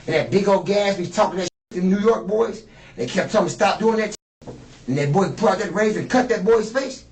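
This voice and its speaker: A man's voice: high voice, quick pace, gravelly, darkish tone. A man in his fifties, a suspect being questioned, talking in a rambling, boastful and profane way. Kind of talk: rambling interrogation talk. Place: interrogation room. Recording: echoey room, distant mic, faint noise.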